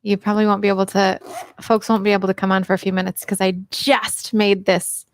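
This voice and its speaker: A woman's voice: medium pitch, level tone, a little fast, slight background noise. A middle-aged woman hosting a casual live Q&A stream on her own mic, chatty and upbeat, greeting viewers by name. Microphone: personal microphone.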